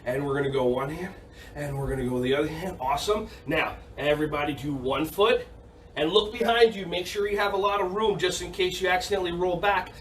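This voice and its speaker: A man leading a kids' yoga and karate class, cheerful and encouraging, repeating his praise and sometimes bursting into shouts. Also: a little high, distant mic, a little hiss or hum. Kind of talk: upbeat kids' class instruction. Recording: echoey room, voice off-mic.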